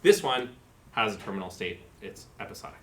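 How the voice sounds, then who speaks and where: A man's voice: lowish voice, expressive, fairly quick, a bit bright. A man giving a university lecture, explaining terms step by step and thinking aloud with fillers. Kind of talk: live-coded lecture.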